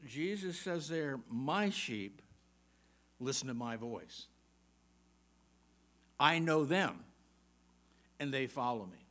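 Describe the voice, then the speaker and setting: A man preaches a sermon in an animated, medium-pitched voice with a fairly bright tone. He reads scripture aloud emphatically and fires rapid, pointed questions at the congregation, chuckling now and then.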